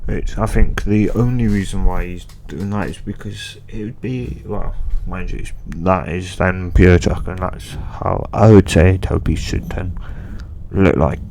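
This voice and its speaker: A man's voice: low voice, fairly even intonation, measured pace, vocal fry, darkish tone, a little hiss or hum. A man rambling casually about a fan theory, hesitant and full of restarts. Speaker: fan video creator.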